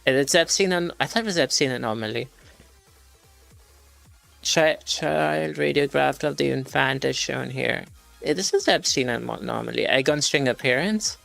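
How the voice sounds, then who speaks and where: Gravelly man muttering through study questions. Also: mid-range voice, normal speed, fairly bright tone, no room sound, faint music behind. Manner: muttering, swears in frustration, reads questions aloud. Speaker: streamer. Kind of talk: casual study stream.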